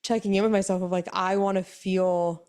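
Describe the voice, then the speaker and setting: A young pregnant woman co-hosting a podcast, chatting casually and telling a story with animated quoted voices and frequent laughs, worn out from sickness. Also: medium pitch, moderate pace, clear, resonant tone. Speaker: podcast co-host. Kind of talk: casual chat.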